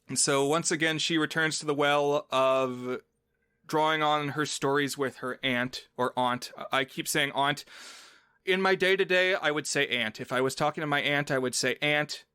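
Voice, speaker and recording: Podcast guy rambling about a movie, bright crisp voice, dry close mic. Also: fairly high pitch, no echo. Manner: chatty, explains at length, playful asides. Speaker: podcast co-host. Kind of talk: casual film podcast chat.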